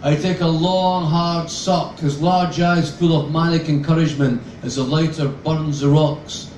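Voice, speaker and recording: A man's voice: fairly high pitch, steady tone, unhurried, darkish tone, slight background noise. Man reading dryly, roomy and distant. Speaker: author reading. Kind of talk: reading a novel aloud. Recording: roomy sound from a distant mic with faint ambience.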